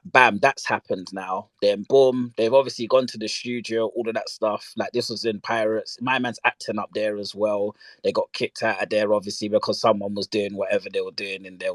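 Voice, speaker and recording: A man telling a story in a casual chat, animated and slang-heavy, laughing often. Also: medium pitch, dry recording.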